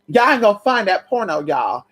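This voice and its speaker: A woman's voice: mid-range voice, big pitch swings, normal speed, breathy edge. A woman vlogger telling a brash, profane story straight to her viewers in a chatty way. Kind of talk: storytime chat to camera.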